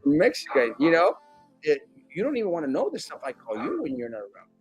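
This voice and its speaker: A man's voice: on the high side, brisk, breathy edge, dry recording, faint music behind. A man, a guest on a talk show, talking casually and with feeling, often restarting his sentences. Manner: animated, acts out critics in mocking voices; many restarts and fillers. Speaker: guest, sitting school board member.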